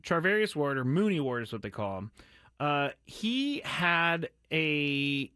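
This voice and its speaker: A man hosting a casual sports talk show, excitable and rambling, apologizing and joking with his audience. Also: on the high side, a little slow, clear, resonant tone, no echo. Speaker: podcast host.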